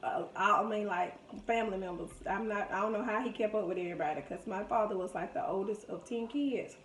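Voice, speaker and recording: A woman's voice: mid-range voice, fairly quick, distant mic. A woman, telling family stories in a casual vlog and acting out the people she quotes. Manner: chatty, reminiscing, quotes people in lively voices. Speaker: vlogger. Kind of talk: casual storytelling during a food video. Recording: echoey room.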